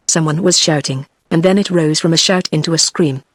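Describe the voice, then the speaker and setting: A text-to-speech woman's voice with a British English accent, reading a novel aloud in an even, synthetic way. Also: low voice, a little fast, dry recording. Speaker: audiobook narrator.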